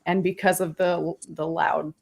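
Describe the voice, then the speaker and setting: A woman co-hosting a podcast, chatting eagerly and quickly, with lots of "like". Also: fairly low pitch, flat delivery, vocal fry, slightly rough. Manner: eager, quick fan chatter with many likes. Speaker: podcast co-host. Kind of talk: casual chat.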